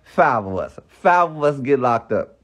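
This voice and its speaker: A man's voice: mid-range voice, sing-song, unhurried, fairly bright tone, lo-fi sound. A young man ranting on a phone live stream, heated and profane, firing off rhetorical questions. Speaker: livestreamer.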